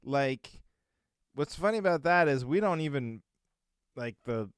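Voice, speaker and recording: A man in casual podcast chat with a smooth, resonant voice and a dry, close sound. He rambles, fills pauses and chuckles as he goes. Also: mid-range voice, lively intonation, dry recording. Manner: rambling, chuckling, lots of fillers. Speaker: podcast co-host.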